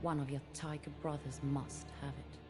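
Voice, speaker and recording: A woman's voice: extremely low pitch, level tone, moderate pace. An actress playing a vengeful female assassin who speaks with cold menace. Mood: menacing. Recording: game audio with loud music.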